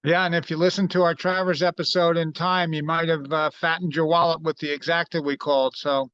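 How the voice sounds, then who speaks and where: A middle-aged man co-hosting a podcast, telling stories in casual chat and getting animated when he quotes people. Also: fairly high pitch, brisk. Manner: storytelling, animated when quoting others. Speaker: podcast co-host. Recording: dull, slightly lo-fi dry sound.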